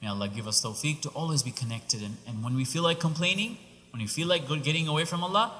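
A man preaching a sermon, telling a story with animated, rising exclamations. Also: fairly high pitch, fast talker, slight background noise. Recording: long reverb of a large hall.

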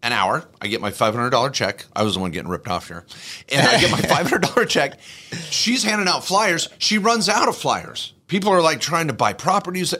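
Husky, lively-voiced man telling a story. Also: mid-range voice. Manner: animated, jokey storyteller who acts out quoted people. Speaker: podcast co-host. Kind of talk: casual storytelling chat.

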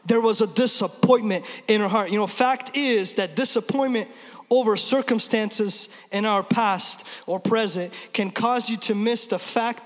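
Very high-voiced preaching man, reverberant hall. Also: a bit bright. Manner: emphatic preaching with quick asides and jokes. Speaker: pastor. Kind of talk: Easter sermon. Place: large church hall. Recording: long reverb of a large church hall.

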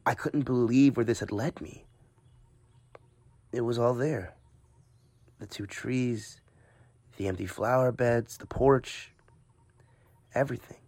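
A man narrating a first-person horror story, tense and hushed at times, urgent at others. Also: lowish voice, creaky, breathy edge, dry recording. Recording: music bed under the narration.

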